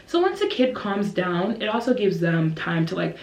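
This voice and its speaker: A woman in her twenties who teaches English chats casually to her camera at a normal speed, animatedly slipping into high, lively voices to act out her students and herself. It's captured on the camera's built-in mic with a roomy echo.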